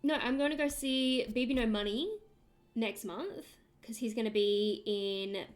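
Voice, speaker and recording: A young Australian woman with a slightly high voice talks casually while she draws on stream. She rambles, trails off mid-thought and reads out and answers her chat in a loose, chatty way. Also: fairly even intonation, a little slow. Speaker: livestreamer.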